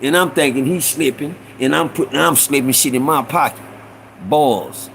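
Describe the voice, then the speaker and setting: A man hosting a casual storytelling stream, slangy, with repeated asides and shout-outs to viewers. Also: mid-range voice, moderate pace, creaky, slight background noise, poor audio. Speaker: host.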